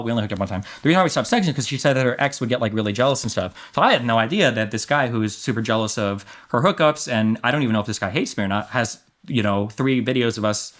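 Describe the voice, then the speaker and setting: A man speaking with a middle pitch and a lively, swinging intonation. He gives casual, rambling commentary and throws in blunt, mocking asides as he reads from a court transcript. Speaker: streamer.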